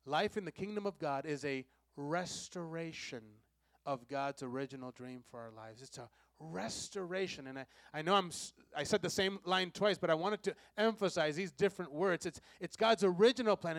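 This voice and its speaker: A male pastor preaching in a high voice, drawing the congregation into call-and-response. He repeats key lines for weight and swings from loud, pressing emphasis to soft, low asides. The sound is dry and close, with almost no room. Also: normal speed, dry recording. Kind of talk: sermon.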